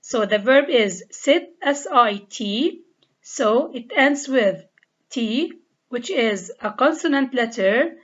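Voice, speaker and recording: A Lebanese English teacher gives a slow, deliberate grammar lesson, spelling out letters and repeating each rule step by step. Her voice is fairly high, animated and fairly bright, captured on a dull lo-fi recording.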